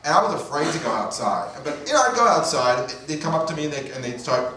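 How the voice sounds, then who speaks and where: A man's voice: a little high, expressive, quick pace, bright, forceful tone. Brooklyn-raised male comic in an echoey club. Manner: rambling, self-mocking, chatty asides. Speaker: stand-up comedian. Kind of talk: stand-up comedy set. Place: comedy club stage. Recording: echoey club from far off with crowd.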